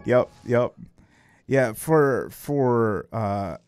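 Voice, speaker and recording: A man with a Midwestern American accent hosting a casual livestream chat, relaxed and curious, with plenty of fillers. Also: medium pitch, very slow, clean tone, soft background music. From United States. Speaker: streamer.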